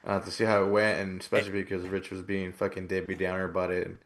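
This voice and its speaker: A man's voice: low-pitched, monotone, quick pace. A man co-hosting a podcast in laid-back, profane casual chat, calling his friend "bro". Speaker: podcast co-host.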